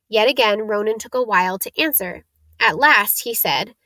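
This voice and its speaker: A woman narrating a children's storybook in a steady, expressive read. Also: medium pitch, normal speed, no echo. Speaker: audiobook narrator.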